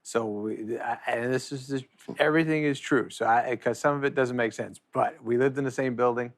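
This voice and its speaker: A man's voice: mid-range voice, steady tone, dry recording, studio quality. A man telling a funny anecdote in casual talk, laughing as he goes. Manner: laughs while telling, quick asides. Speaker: comedian telling a story. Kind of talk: casual storytelling.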